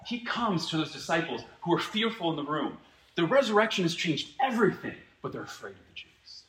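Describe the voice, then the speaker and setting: A man preaching a sermon as pastor, earnest and reflective, swinging from emphatic peaks to quiet asides. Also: a little high, sing-song, moderate pace, husky. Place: church.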